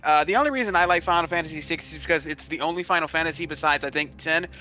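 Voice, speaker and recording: Joking tabletop player on a dull mic. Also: male voice, on the high side, rapid-fire, pushed and bright, faint music behind. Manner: joking, swears freely. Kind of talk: casual game chat.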